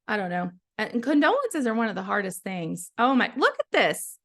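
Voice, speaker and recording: A woman founder giving a casual, chatty software walkthrough, encouraging her listeners while often trailing off and restarting her sentences. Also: on the high side, very animated, moderate pace, gravelly, few pauses. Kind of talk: casual live software tutorial.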